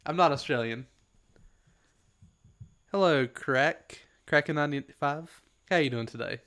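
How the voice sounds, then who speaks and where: A man's voice: on the high side, a little slow, fairly bright tone. A man from the Southern United States chatting casually on a gaming livestream, rambling, answering chat and laughing often.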